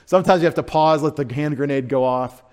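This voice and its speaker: A male pastor preaching a sermon, animated and conversational, swinging from loud emphasis to quiet asides, sounding out Greek words and dropping in joking remarks. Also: a little high.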